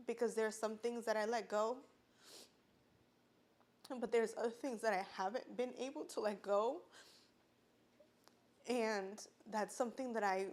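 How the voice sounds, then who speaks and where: A woman speaking casually and earnestly about her own experience on a podcast, often saying "like" and at times holding back tears. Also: medium pitch. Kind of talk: casual personal testimony.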